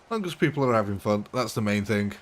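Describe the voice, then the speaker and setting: A man talks to his live-stream viewers in a loose, chatty way, chuckling often. His voice sits a little low. It is late at night, and he is streaming from home. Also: expressive, fast talker. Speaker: game streamer. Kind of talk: casual live-stream chat.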